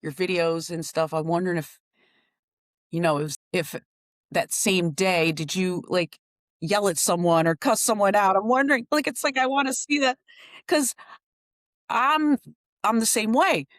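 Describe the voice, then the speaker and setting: A middle-aged woman co-hosting a podcast, telling stories in a casual, animated way and laughing often. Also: medium pitch, unhurried, pauses often, dry recording, studio quality. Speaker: podcast co-host. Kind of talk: casual conversation.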